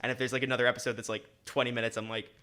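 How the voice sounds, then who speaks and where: A young man with a bright, forceful voice, chatting loosely as a podcast host. He rambles and corrects himself as he goes, in an upbeat, easygoing way. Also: medium pitch, little pitch movement, rapid-fire. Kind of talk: casual chat.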